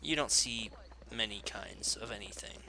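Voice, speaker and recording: A man's voice: on the low side, moderate pace, creaky, pushed and bright, a little hiss or hum. A tired man casually commenting on his gameplay as a let's play host, rambling and joking at his own expense. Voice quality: rambling, self-deprecating, jokey. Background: game music.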